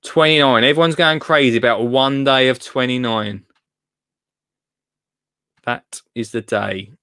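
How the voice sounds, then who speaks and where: A young man with an Essex accent hosts a gardening phone-in livestream from his home in Essex, reading viewer comments live and chatting casually in a self-deprecating, rambling way full of fillers. His voice is medium-pitched and a little slow, with a sharp, clean tone. The recording is dry, with clean studio sound.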